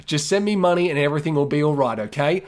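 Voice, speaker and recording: A pushy female romance scammer, put on by a man reading her messages aloud, coaxes in broken English and keeps saying "honey." Her voice sits a touch high. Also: lively intonation, fast, darkish tone, natural voice. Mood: wheedling. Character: pushy woman romance scammer, pleading then furious.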